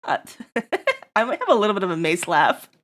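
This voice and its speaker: A woman streamer in casual live-stream chat, rambling and breaking into loud laughter, her throat getting tickly. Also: medium pitch, sing-song, a little fast.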